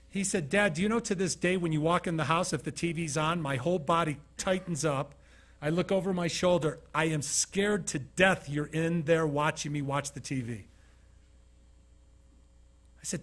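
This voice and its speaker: A man's voice: fairly high pitch, normal speed, fairly bright tone. A middle-aged man from Utah giving a motivational talk, telling personal stories and acting out the dialogue. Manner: storytelling, acting out quoted dialogue. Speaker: keynote speaker. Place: studio.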